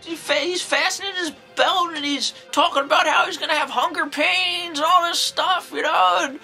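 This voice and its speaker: A woman playing an eccentric, excitable old nun who reviews horror movies, rambling along with folksy exclamations. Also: very high-pitched, moderate pace, faint music behind, heavily acted. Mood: rambling, amused. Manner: rambling, folksy exclamations, jumps into acted quotes. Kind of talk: in-character comedic movie review.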